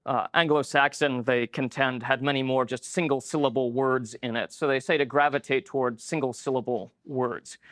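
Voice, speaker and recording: A man's voice: mid-range voice, steady tone, normal speed, few pauses, a bit bright, no room sound, studio quality. A man giving a conference lecture in a conversational way, with many filler words. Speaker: conference speaker. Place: lecture room.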